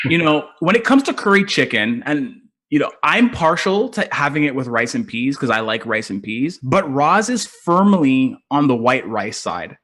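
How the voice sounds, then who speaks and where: A man's voice: mid-range voice, a bit bright. A man co-hosting a podcast, asking playful, teasing questions in casual chat. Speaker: podcast co-host.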